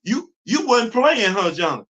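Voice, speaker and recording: A man hosting a live comics talk show, animated and exclaiming, repeating himself as he gets excited. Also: high-pitched, slow, dull audio. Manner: animated, repetitive, exclaiming, laughing. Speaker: comics podcast host. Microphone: live stream mic.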